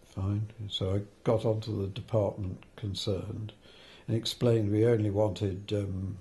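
Low, mellow older man recalling stories. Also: flat delivery, unhurried. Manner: hesitant, many fillers and restarts, chuckling asides. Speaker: film editor interviewee. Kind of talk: anecdotal interview recollection.

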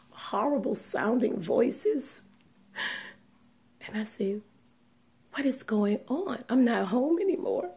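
A woman giving a personal religious testimony, speaking in a hushed, trembling way that often sinks into a whisper, close to tears. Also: on the high side, vocal fry. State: tearful, on the verge of crying.

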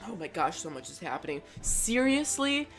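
A woman reacting to a game trailer as a YouTuber, gushing and excitable, with loud exclamations and jokey asides. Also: fairly low pitch, moderate pace, faint music behind.

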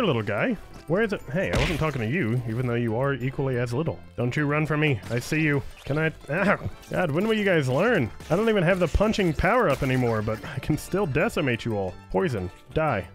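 Gaming YouTuber, male, teasing banter, lively swooping delivery. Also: a little high, a little fast. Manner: playful, teasing the game's creatures. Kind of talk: let's play commentary. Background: game music.

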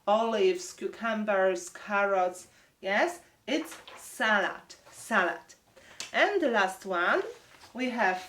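A woman with a Polish accent teaching English words to young children, slowly drilling each word and prompting them to repeat. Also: mid-range voice, a bit bright, echoey room, distant mic.

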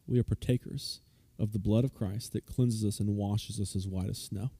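Mellow-voiced pastor preaching a casual sermon. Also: male voice, fairly low pitch, normal speed, slightly rough, no room sound. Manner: informal, with frequent restarts and fillers; grows lively and loud when retelling a story. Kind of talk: conversational sermon. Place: church service.

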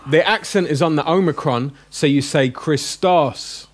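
A man's voice: fairly high pitch, a little fast. A man teaching a classroom language lesson, joking and coaxing his students with questions.

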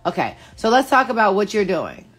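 A middle-aged woman in casual chat to camera, relaxed and slangy, bantering playfully with her daughter. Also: medium pitch, fairly quick, husky. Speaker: vlogger and mother.

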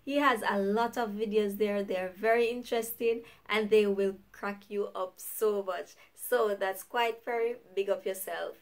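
A woman's voice: mid-range voice, steady tone, unhurried, few pauses. A woman with a Jamaican accent, hosting her own vlog in an upbeat, chatty way and laughing often. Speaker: YouTuber host. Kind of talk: casual vlog chat.

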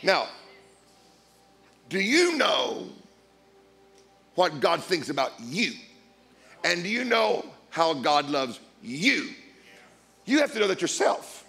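A man preaching as a guest speaker, blunt and emphatic, swinging between quiet asides and loud declarations. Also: sits high, very animated, takes it slowly, vocal fry, long pauses. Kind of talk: sermon.

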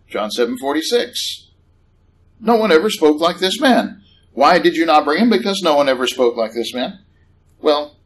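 Conversational male preacher, slightly high voice. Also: a little hiss or hum, low-quality recording. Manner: conversational, animated, rising on questions. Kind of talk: sermon. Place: church hall.

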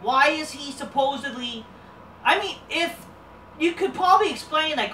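A woman's voice: sits high, animated, moderate pace, pushed and bright. Woman, profane rambling rant, roomy echo, distant mic, faint hiss. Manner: exasperated, swearing, rambling with fillers. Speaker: wrestling show reviewer.

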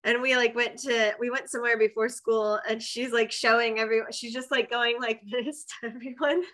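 A woman's voice: fairly high pitch, steady tone, normal speed, a bit bright. A woman from the United States co-hosting a casual chat, talking loosely and laughing often. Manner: chatty, laughs often, trails off with "like". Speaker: podcast co-host.

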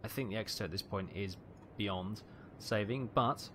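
A man giving tense, excitable live commentary on a naval battle game, calling out ranges and fire orders. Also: fairly low pitch, normal speed, a little hiss or hum. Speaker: gameplay commentator.

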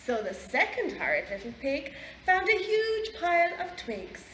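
Slow, lively Irish woman storyteller. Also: very high voice. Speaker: library storyteller. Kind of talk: reading a picture book aloud to children. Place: library room. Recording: echoey library room, faint background noise.

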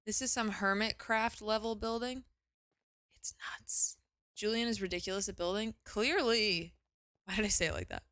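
A young woman streaming a game, chatting casually and gushing with excitement, often exclaiming and swearing. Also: medium pitch, fast talker, few pauses, no echo, studio quality. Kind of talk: casual live gaming commentary.

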